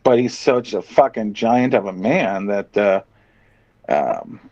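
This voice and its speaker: A man's voice: fairly low pitch, big pitch swings, slow pace, darkish tone, no room sound, highs cut off. A man co-hosting a podcast in casual chat, riffing bluntly and profanely in a rambling way. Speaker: podcast co-host.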